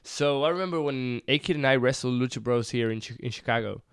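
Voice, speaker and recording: A man's voice: medium pitch, fast talker, smooth. Spanish man with a mixed accent. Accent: Spanish mixed with British and American. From Spain. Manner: rambling, animated, laughs often. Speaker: professional wrestler. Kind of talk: casual chat.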